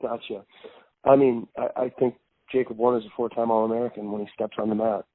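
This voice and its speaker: A man's voice: medium pitch, level tone, quick pace, no echo. A man from North Dakota talking casually as a podcast guest, rambling with many restarts. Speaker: guest wrestling analyst. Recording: phone-like, dry sound.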